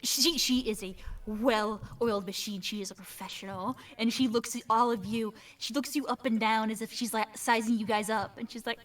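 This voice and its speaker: A woman narrating a tabletop game as game master in lively, animated speech, from a distant mic. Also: on the high side, moderate pace, hardly any pauses, soft background music.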